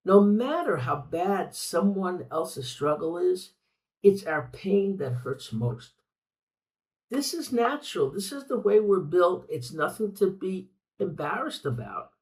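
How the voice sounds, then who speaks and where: A man's voice: high voice, recorded from a distance, low-quality recording. An older man hosting a reflective podcast monologue, speaking earnestly and repeating phrases for emphasis. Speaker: podcast host.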